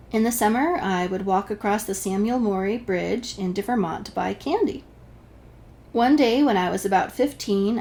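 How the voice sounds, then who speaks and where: A woman's voice: mid-range voice, darkish tone, a little hiss or hum. Wry woman telling a personal story. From New Hampshire, USA. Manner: wry, self-deprecating. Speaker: vlogger.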